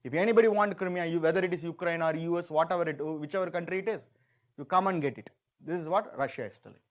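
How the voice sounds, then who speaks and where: A man's voice: on the high side, fast. A man teaching an exam-prep class, explaining in a repetitive, conversational way and often voicing a country in the first person.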